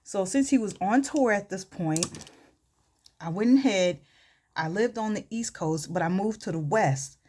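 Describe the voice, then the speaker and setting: A woman's voice: on the low side, darkish tone, slight background noise. A woman beauty vlogger telling a story in a casual, chatty way, with lots of quoting.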